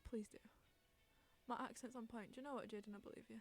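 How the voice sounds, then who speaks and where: A woman's voice: fairly high pitch, steady tone, fast talker, background noise. A young woman hosting a casual chat podcast on stream, rambling, giggling and reading out chat messages.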